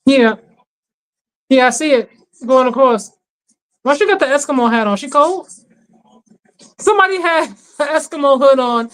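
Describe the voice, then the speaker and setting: A woman co-hosting a livestream, chatting fast in slang with frequent laughs. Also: high voice, low-quality recording. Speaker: co-host of a livestream watch-along. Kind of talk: casual chat reacting to a livestream.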